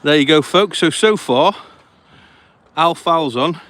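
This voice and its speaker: A man's voice: on the high side, slow pace, a bit bright. Breathless man hosting outdoors. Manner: breathless, chatty, apologetic. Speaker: host. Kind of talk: live on-the-move commentary. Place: outdoors at a fishing lake.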